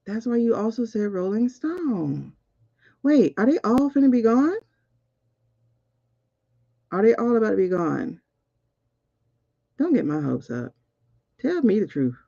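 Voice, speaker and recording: A woman hosting a casual spiritual reading, excitable and talking straight to her viewers. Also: a little high, unhurried, creaky, pauses often, breathy edge, no room sound, lo-fi sound. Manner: excitable, keeps repeating "hold on". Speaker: spiritual reader and host. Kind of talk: casual livestream card reading.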